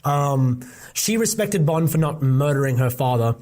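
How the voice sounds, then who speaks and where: A young man co-hosts a podcast, chatting casually and rambling with plenty of fillers and restarts. His voice is medium-pitched and a little mellow, with lively intonation at a normal speed.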